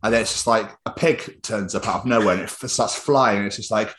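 A man's voice: lowish voice, fast talker, hardly any pauses, fairly bright tone, slight background noise. A man hosting a podcast in casual, rambling, sweary comic chat. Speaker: podcast host.

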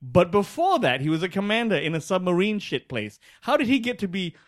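A man in his forties co-hosting a casual podcast chat, swearing freely and breaking into loud laughs. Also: sits high, big pitch swings, fairly quick. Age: 40s. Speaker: podcast co-host.

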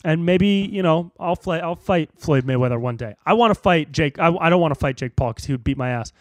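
A young man hosting a solo podcast, ranting in a profane, animated way and jumping into squeaky high voices for jokes. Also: brisk, no echo. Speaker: podcast host.

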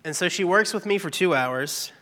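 A man's voice: high-pitched, lively intonation, moderate pace, bright, forceful tone. A man giving an earnest, candid devotional testimony, telling a personal story about his work. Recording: long reverb, echoey hall.

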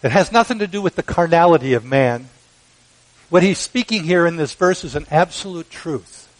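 A man preaching a sermon, measured and emphatic, with dramatic pauses. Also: fairly high pitch, rough recording. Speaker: pastor.

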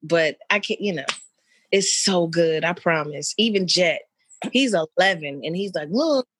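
A mother talking with an old friend in loose, rambling chat, with lots of fillers and lively pitch jumps when she quotes people. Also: unhurried, slightly rough, no room sound, clean studio sound. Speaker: mother of an eleven-year-old.

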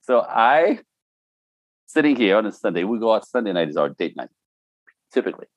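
A man's voice: lowish voice, very animated, a little fast, no room sound. A middle-aged man talking casually and telling stories, laughing often and mimicking other voices. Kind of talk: casual podcast chat.

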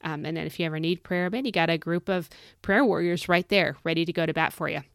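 A woman's voice: on the low side, fairly even intonation, fast, a bit bright, smooth, no room sound, clean studio sound. A middle-aged woman hosting a devotional podcast, preaching in a fervent, folksy, exhorting way. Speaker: podcast host.

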